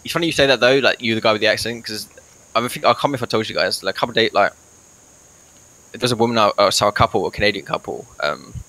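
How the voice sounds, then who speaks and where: Deepish guy with a bright forceful tone, casually rambling through his tabletop character. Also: racing, dry recording, poor audio. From England. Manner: casual, rambling, laughing at himself. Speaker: player. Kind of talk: playing a tabletop game in character. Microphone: headset or desk mic on a voice call.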